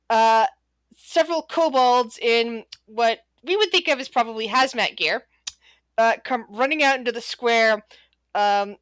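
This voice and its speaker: A woman's voice: fairly high pitch, a bit bright, clear, resonant tone, no echo. A woman narrating as game master of a tabletop game, rambling with many restarts.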